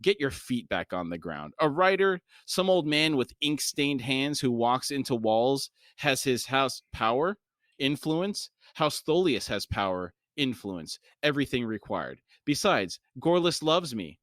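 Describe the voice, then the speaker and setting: A man's voice: mid-range voice, very animated, measured pace, fairly bright tone, no room sound, clean studio sound, pitched above the performer's own voice. A man reading the lines of a haughty young noblewoman in an audiobook-style reading, barely changing his voice. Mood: cool.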